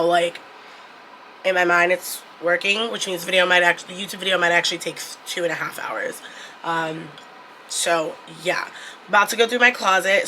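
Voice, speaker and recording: A woman's voice: medium pitch, sharp tone, a little hiss or hum. A young woman vlogging casually into her phone camera, chatty and blunt, swearing freely. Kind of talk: casual vlog talk to camera.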